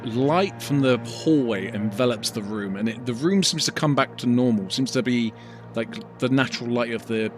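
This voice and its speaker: A man in the dungeon master's seat, describing a haunted scene in vivid, ominous detail. His voice sits at an ordinary middle pitch. Soft music plays faintly behind him. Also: moderate pace. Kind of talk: narrating a tabletop game.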